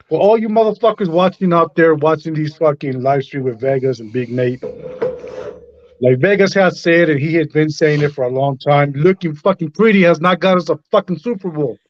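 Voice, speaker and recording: A high-voiced man vents bluntly and with plenty of profanity, hammering his points home. The sound is lo-fi and dull, and close and dry. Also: no echo. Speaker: livestream co-host. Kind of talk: profane casual sports rant.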